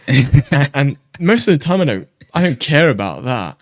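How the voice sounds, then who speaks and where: A young man from France with a French accent, telling a fishing story as a guest in a casual, animated chat. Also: medium pitch, moderate pace, dry recording, clean studio sound. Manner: animated storyteller, loose and chatty.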